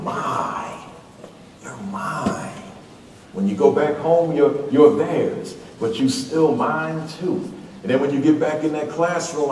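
Here the same keynote setting is heard: a man with a fairly high, warm voice rallies school staff at their opening meeting, repeating points emphatically and getting the audience to chant back. It's captured from a distance in an echoing auditorium, with a bit of background noise.

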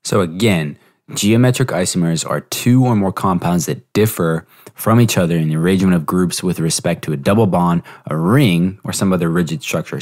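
A young man hosting a podcast, giving a relaxed, explanatory review lesson with fillers and self-corrections. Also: sits low. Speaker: podcast host teaching exam prep. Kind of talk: casual spoken review lesson.

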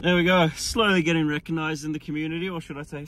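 Upbeat young Australian vlogger, slightly high. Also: male voice, steady tone, fast talker, a bit bright, a little hiss or hum. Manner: upbeat, jokey, self-deprecating. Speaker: sports vlogger host. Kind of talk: casual vlog chat. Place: car and outdoors around a stadium.

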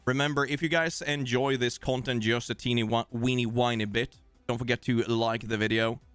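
A man's voice: medium pitch, steady tone, normal speed, a bit bright, smooth, no room sound, faint music behind. A man with a Swedish accent hosting a live game stream, casually joking and thanking viewers. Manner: jokey, rambling, thanking viewers. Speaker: streamer host.

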